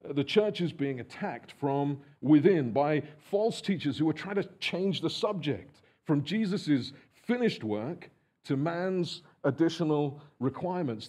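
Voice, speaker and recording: Male pastor, sermon delivery in church, warm dark tone with breathy edge, earnest. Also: a little high. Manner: earnest, measured preaching with frequent fillers and restarts.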